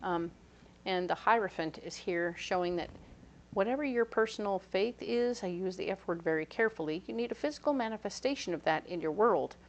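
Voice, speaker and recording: A woman's voice: mid-range voice, a little fast, highs cut off. Chatty, playful woman tarot reader, light noise under the voice. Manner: chatty, playful, animated asides. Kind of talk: casual tarot reading.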